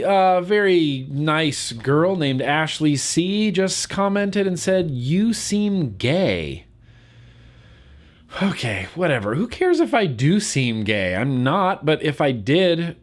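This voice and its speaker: Laid-back swearing male vlogger. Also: a little high. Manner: laid-back, swears casually, laughs at comments. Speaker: vlog host. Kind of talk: casual vlog talk.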